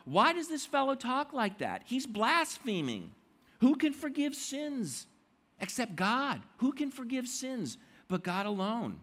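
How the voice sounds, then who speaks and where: A preacher voicing scandalized, indignant religious teachers. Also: male voice, very high-pitched, wildly swooping pitch, measured pace, fairly bright tone, voice pushed up, heavily acted. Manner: outraged, raised and insistent.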